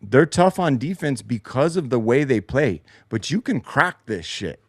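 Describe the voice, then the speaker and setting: A man's voice: medium pitch, lively intonation, unhurried, dry recording, studio quality. A man hosting a post-game show, breaking down replays with frustrated, sarcastic and heavily profane commentary from his basement. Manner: frustrated, sarcastic, swears a lot. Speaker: show host. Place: home basement.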